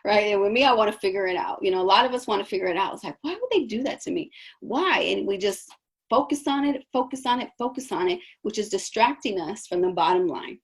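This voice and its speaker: A woman's voice: medium pitch, fast. A woman coaching business owners in a conversational session, often checking in with "right?".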